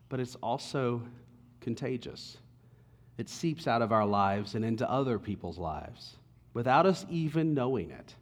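A male pastor delivering a sermon in a conversational storytelling way, at times dropping to hushed tones. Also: mid-range voice, long reverb tail.

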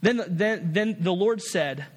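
A man's voice: high voice, slow, big-room sound. A man preaching a sermon as a pastor, earnest and repetitive, often restarting his phrases.

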